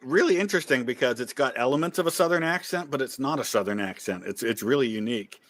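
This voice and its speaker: A man's voice: medium pitch, lively intonation, quick pace, a bit bright. A man from Ohio, a guest in casual chat, explaining his thoughts at length. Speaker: guest on a quiz.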